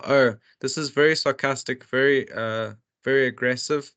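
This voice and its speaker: A man's voice: mid-range voice, moderate pace, few pauses, fairly bright tone, smooth. A man tutoring, reading out workbook questions and explaining each one, with many restarts and fillers. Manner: reads questions aloud then explains them. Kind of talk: walking students through a workbook.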